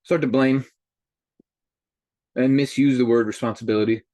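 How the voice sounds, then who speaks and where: A man hosting a group call, talking in an animated way and speaking straight to his listeners. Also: medium pitch, moderate pace, no echo, clean studio sound. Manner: animated, addresses listeners directly. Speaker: host. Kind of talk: motivational group call talk.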